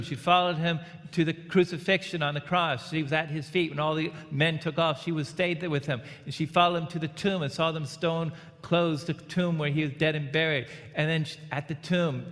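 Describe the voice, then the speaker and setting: A man's voice: fairly high pitch, fairly bright tone. A man giving an Easter homily as a Catholic priest, preaching in a plain conversational way and leading the congregation in call and response. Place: large church. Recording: church hall reverb.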